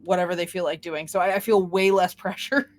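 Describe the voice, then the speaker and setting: A woman's voice: on the low side, fairly even intonation, fairly quick. A woman co-hosting a podcast in casual chat, talking with chatty enthusiasm. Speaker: podcast co-host.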